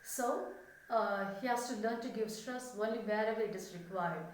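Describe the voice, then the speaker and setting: A woman giving a spoken English lesson, explaining slowly with many fillers and restarts. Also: mid-range voice, a little hiss or hum. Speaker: English teacher. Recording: echoey room, voice from far off.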